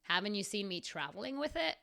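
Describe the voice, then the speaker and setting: A woman's voice: medium pitch, sing-song, brisk, gravelly, sharp tone, heavily acted. A woman with a South African accent reading a man's lines in her own voice, as a worried, wry musician.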